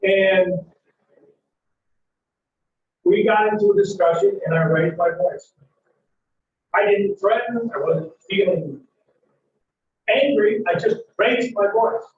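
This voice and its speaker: Male lecturer, high voice and unhurried, loud and emphatic with big vocal swings, recorded from across an echoey classroom. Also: a little hiss or hum. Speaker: psychology lecturer. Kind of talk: classroom lecture with acted scenarios. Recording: echoey lecture hall, dull mic from far off.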